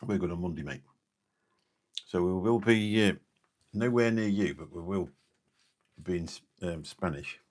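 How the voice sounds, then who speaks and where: Low-pitched and a little slow, with long pauses, this Lincolnshire, England streamer reads chat on a late-night live stream. He keeps it casual and jokey, rambling between comments.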